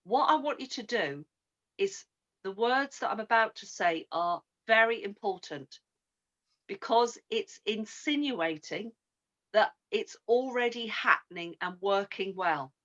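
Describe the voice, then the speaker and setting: A woman giving a coaching talk, who acts out both sides of conversations in an animated way. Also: mid-range voice, unhurried. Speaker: sales coach. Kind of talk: coaching talk with a retold phone call. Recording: muffled lo-fi recording.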